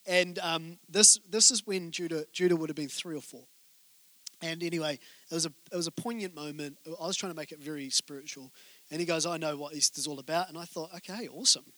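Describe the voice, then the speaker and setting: A male pastor giving a sermon, telling stories in a joking, conversational way and speaking straight to the congregation with quick asides. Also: on the high side, sharp tone, no echo. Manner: joking, conversational storytelling from the pulpit.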